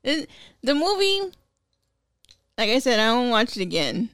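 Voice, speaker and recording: A woman's voice: fairly high pitch, sing-song, measured pace, fairly bright tone, smooth, no echo, clean studio sound. A woman co-hosting a casual movie podcast, giggling as she retells scenes. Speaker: podcast co-host.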